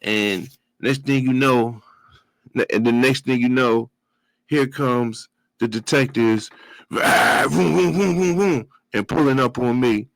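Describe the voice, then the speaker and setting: A guest from Brooklyn, New York, tells his life story in casual, animated fashion, full of profane street talk and vocal sound effects. His voice is mid-range and unhurried, and the recording is low quality with no echo.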